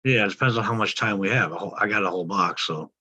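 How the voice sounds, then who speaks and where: Give me a friendly, joking man with a low but bright voice in casual chat. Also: very fast, slightly rough, rough recording.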